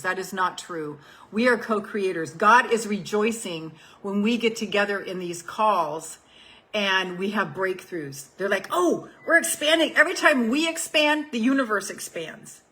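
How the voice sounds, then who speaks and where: Reading affirmation cards aloud during a casual group call, this seventy-something life coach talks bluntly, curses freely and says things again for emphasis. Her voice is medium-pitched, bright and forceful, captured on a low-quality recording.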